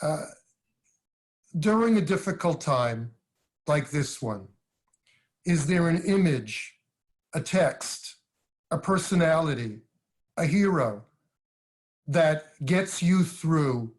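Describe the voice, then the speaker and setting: Slow, measured rabbi moderating a talk. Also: male voice, on the high side, animated. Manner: measured, deliberate questioning. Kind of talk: conversational livestream discussion.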